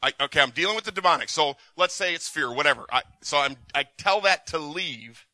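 Male pastor, bright slightly high voice, chatty delivery with restarts. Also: expressive, a little fast, dry recording. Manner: conversational, with repeated restarts and acted quotes. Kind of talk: sermon with Q and A. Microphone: recorded for the session.

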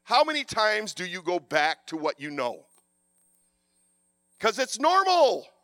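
A man preaching a sermon, passionate and animated, with a loud voice. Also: high voice, slow pace, no room sound.

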